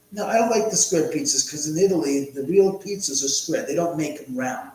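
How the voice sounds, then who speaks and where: A man's voice: medium pitch, expressive, normal speed, hardly any pauses, a little mellow, heavy reverb, slight background noise, rough recording. A man hosting a casual live stream from his home, rambling, muttering to himself and swearing often. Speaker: livestream host.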